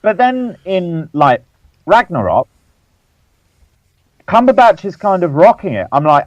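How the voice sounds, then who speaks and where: A man's voice: sits high, very animated, dry recording, lo-fi sound. A young man, guest hosting a casual podcast chat, joking, swearing and laughing easily. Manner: jokey, swears, quick to laugh. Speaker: guest host.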